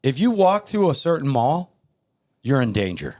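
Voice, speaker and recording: A man's voice: medium pitch, very animated, normal speed, a little mellow. Heated Midwestern man preaching. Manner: emphatic, repetitive, heated. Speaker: podcast host. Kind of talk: fiery preaching talk.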